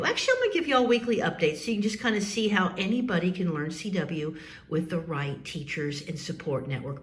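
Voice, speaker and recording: Chatty folksy woman, noisy room. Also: low voice. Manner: chatty, folksy, says y'all. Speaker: ham radio vlogger. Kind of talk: casual chat. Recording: noisy home recording.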